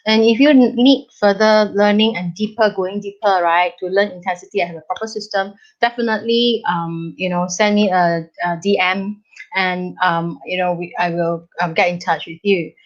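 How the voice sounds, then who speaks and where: A middle-aged woman with a Singaporean English accent, hosting a live parenting lesson in an animated, chatty manner, tagging her sentences with "okay?" and "right?". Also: fairly low pitch, normal speed, lo-fi sound. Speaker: parenting educator, live session host. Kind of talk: live-stream parenting talk to viewers.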